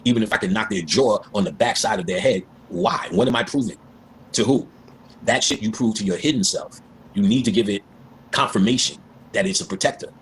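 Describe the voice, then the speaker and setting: Low voiced guy, talks quick and lively, slips into voices for the quotes, slight background hiss. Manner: animated, acts out voices in quotes. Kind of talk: casual storytelling and spiritual talk.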